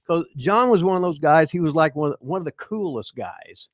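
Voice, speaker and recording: An older man from Indiana spins loose, profanity-laced anecdotes, circling back and restarting as he goes. His voice sits a little high for a man, and it comes across dry and close with no room sound around it. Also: expressive, normal speed, no echo. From Indiana, USA. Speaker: show host telling stories. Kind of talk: casual storytelling chat.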